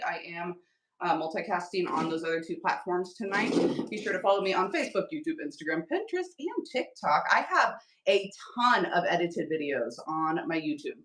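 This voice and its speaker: A woman's voice: mid-range voice, a bit bright, recorded from a distance. A woman hosting a casual live-selling craft stream, chatting upbeat with viewers while she paints, a little tired. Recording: echoey room, voice off-mic.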